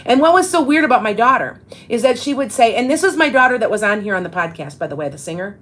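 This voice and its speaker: This fifty-something psychic medium's voice is a little high and sing-song, quick and fairly bright. She rambles through her casual live-stream chat, restarting frequently, and the audio is rough.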